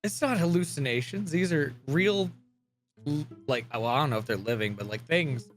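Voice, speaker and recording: A man playing a tabletop game, talking casually in a halting way with restarts. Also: fairly high pitch, faint music behind. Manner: halting, restarts, laughs often. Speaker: player.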